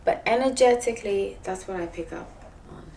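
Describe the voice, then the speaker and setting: A chatty woman with a South African English accent gives a tarot reading in a loose, rambling way and laughs often. Her pitch sits in an ordinary middle range. Faint noise hums behind her. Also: a little fast, creaky, darkish tone. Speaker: tarot reader. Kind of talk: casual tarot reading monologue.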